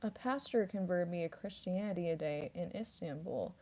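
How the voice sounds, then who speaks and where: Young woman, slightly low voice, casual streamer chat, rambling, giggly, filler-heavy. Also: normal speed, darkish tone. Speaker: voice actress and streamer.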